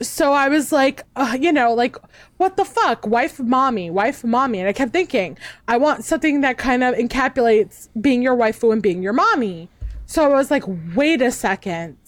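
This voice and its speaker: A woman's voice: on the high side, dry recording. A woman guest, a VTuber, chatting casually and rambling with fillers and restarts. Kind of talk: casual chat.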